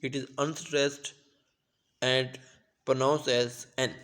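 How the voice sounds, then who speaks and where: Young male student from Pakistan, mid-pitched and slow; a careful classroom presenter who restarts now and then. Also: level tone, fairly bright tone, clear, resonant tone. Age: young adult.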